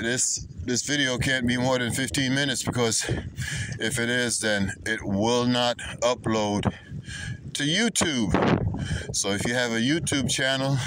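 Middle-aged Jamaican-born man, Jamaican-American accent, relaxed outdoor ride vlog, drawling pace. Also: medium pitch, noisy background. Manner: rambling, greets passersby. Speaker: vlogger. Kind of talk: casual talk while cycling. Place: outdoors in a park on a bicycle.

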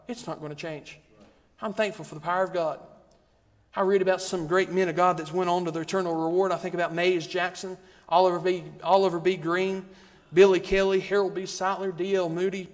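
Male preacher, high voice, rhythmic repeated refrains, long church reverb. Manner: rhythmic, repetitive preaching with rising emphasis. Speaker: guest preacher. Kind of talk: sermon. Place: church sanctuary.

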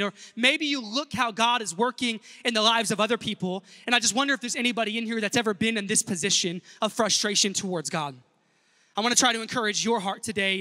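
A man's voice: sits high, sharp tone, in a large hall. A male pastor preaching an earnest sermon in a church and speaking directly to the congregation. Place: church sanctuary.

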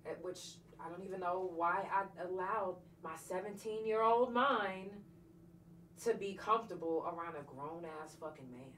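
A woman's voice: lowish voice, a bit bright, far from the mic. A woman podcast host tells a personal story to her livestream viewers in a blunt, profane, emotionally charged way. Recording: echoey room, voice off-mic, faint noise.

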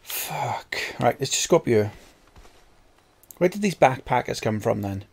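Swearing gamer with a gravelly voice. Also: male voice, medium pitch, animated, normal speed, darkish tone. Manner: frustrated, swears constantly at the game. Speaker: gaming video creator. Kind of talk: let's play commentary.

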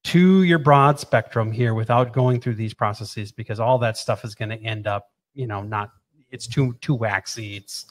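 A man casually explaining a technical process over drawings, animated and playful, often repeating words. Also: medium pitch, moderate pace. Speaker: presenter explaining equipment.

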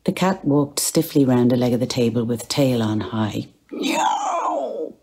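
A woman with an Irish accent reading literary prose aloud, unhurried, slipping into a hushed whisper for the character's thoughts. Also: extremely low pitch, slightly rough. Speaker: audiobook reader.

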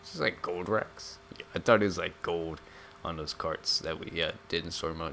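A man's voice: sits low, fairly even intonation, a little fast, creaky, sharp tone, slight background noise. A young man giving casual, joking gameplay commentary as a gaming YouTuber, rambling and slangy.

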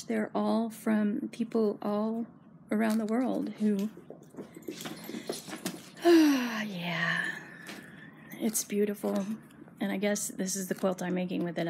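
A woman in her fifties with a gravelly, fry-laden voice, talking slowly and unhurriedly. She chats in a gushing, emotional way, as if close to tears, showing off her things. A faint hum of noise sits under the recording. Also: mid-range voice, a little mellow. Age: 50s. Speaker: quilting vlogger. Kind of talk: casual show-and-tell chat.

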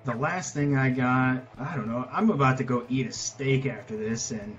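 A man's voice: mid-range voice, moderate pace, muffled recording, soft background music. A man speaking on a radio roundtable, offhand and crude in his humor. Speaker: panelist. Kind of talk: casual roundtable radio chat.

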